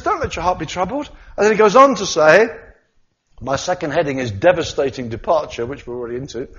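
A man preaching a sermon, animated, acting out the voices of the disciples as he talks. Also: on the high side, fast talker, muffled recording.

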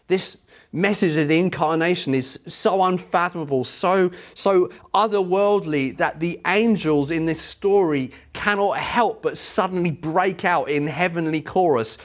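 A man's voice: on the high side, a little slow. A man preaching a sermon, earnest and emphatic, telling stories to make his point.

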